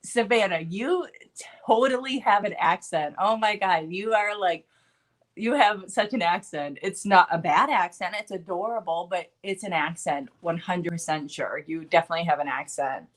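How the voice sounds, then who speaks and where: A woman's voice: lowish voice, normal speed. Woman, craft host, casual live chat, talkative, lots of fillers, a bit stuffy from allergies. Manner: chatty, filler-heavy, laughs often.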